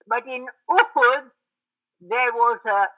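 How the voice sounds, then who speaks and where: A woman's voice: fairly high pitch, animated, slow pace. Woman teaching a religious lecture, lo-fi. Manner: explanatory, checks in with listeners. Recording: dull lo-fi recording.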